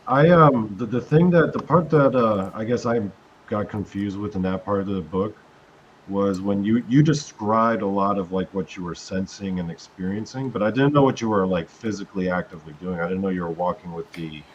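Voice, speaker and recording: A man co-hosting a podcast asks his questions haltingly, full of fillers. His voice sits fairly low. The audio is dull and lo-fi, with a faint hiss. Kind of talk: casual conversation.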